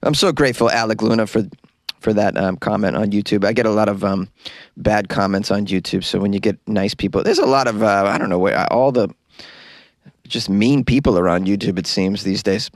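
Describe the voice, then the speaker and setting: A man's voice: fairly low pitch, fairly quick, no room sound. A man hosting a comedy news podcast from a small closet studio, reading odd stories and chatting in a loose, rambling, jokey way. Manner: jokey, rambling, puts on silly voices for quotes. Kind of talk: comic news reading and casual chat.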